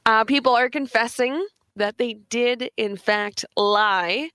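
A woman co-hosting a radio show in casual chat, reading out a list with quick asides. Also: a little high, a bit bright, clear, resonant tone, no room sound. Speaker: radio co-host.

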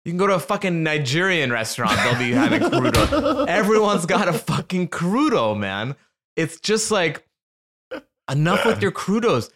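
A man's voice: fairly high pitch, normal speed. A man in casual comedic conversation, telling stories with lots of profanity and swings of energy. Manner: animated storytelling with profanity.

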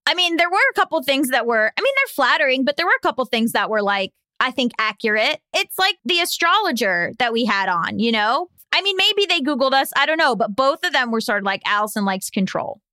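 A woman's voice: high voice, very animated, brisk, few pauses, bright, forceful tone, no room sound. A woman co-hosting a casual podcast chat, telling stories and laughing often. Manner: chatty storyteller, laughs often. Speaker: podcast co-host.

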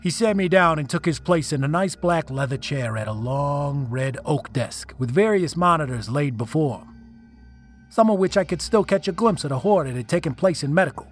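A man's voice: on the high side, lively intonation, moderate pace, faint music behind. A man reading a first-person story aloud, telling it dramatically and with emotion. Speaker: narrator. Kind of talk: first-person scripted narration.

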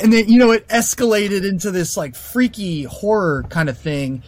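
A man telling a personal story casually, animated and full of fillers and restarts. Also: high-pitched, moderate pace, few pauses.

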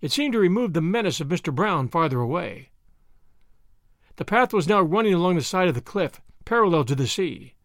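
A male audiobook narrator telling the story in a measured way, his fairly high voice moving with lively rises and falls. The sound is close and dry, with no trace of the room. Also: no room sound. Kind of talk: scripted narration.

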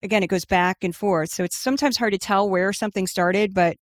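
A woman answering interview questions in a casual, animated way, full of "like" and "you know". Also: medium pitch, fairly quick, no echo, studio quality. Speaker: guest, media newsletter writer.

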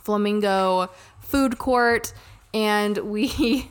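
A woman from Arizona, co-hosting a podcast, chatting casually, laughing often and chiming in with quick asides. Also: medium pitch, clean tone. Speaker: podcast co-host. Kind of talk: casual chat.

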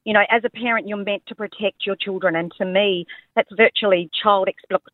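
A woman's voice: mid-range voice, steady tone, brisk, no room sound. A woman calling a radio show, giving a firm opinion on parenting. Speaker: caller. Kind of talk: phone-in opinion. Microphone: telephone. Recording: tinny phone line.

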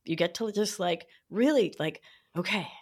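A woman talking as a podcast guest in casual chat, playful and animated, with lots of fillers and sudden high sing-song asides. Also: normal speed, creaky, breathy edge. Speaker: podcast guest, nurse practitioner.

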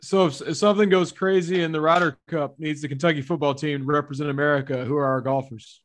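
A man's voice: on the high side, fairly even intonation, fast. A man co-hosting a casual sports podcast, with dry, self-mocking remarks. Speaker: podcast co-host.

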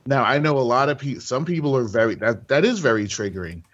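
A male comedian guest on a podcast, speaking candidly and haltingly, with frequent restarts and fillers. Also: mid-range voice, animated, a bit bright, muffled recording.

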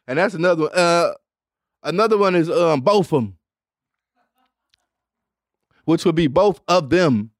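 Animated high-voiced man riffing on a podcast. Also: measured pace, long pauses, no echo, studio quality. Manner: animated, laughs often, slips into exaggerated voices for quotes. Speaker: podcast host. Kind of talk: casual comedic chat.

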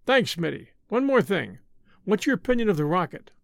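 A man's voice: high-pitched, big pitch swings, a little fast, creaky, dry recording, studio quality, heavily acted. A man as a weary, brooding husband.

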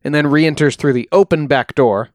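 A man's voice: a little high, moderate pace, dry recording, clean studio sound. Man telling a true-crime story casually. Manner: relaxed, uses fillers like uh and um. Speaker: podcast co-host.

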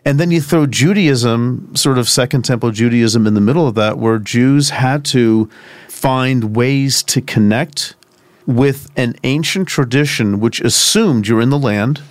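A man's voice: medium pitch, a little slow, no room sound. Male podcast co-host, mid-range voice, reflective and loosely rambling, dry studio sound. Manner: thoughtful, rambling with restarts and asides. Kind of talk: conversational theology discussion.

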